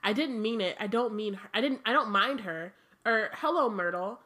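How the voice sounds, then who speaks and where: A woman reading a schoolgirl's lines aloud during a book chat, hurried and flustered. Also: mid-range voice, sharp tone, close to an everyday voice.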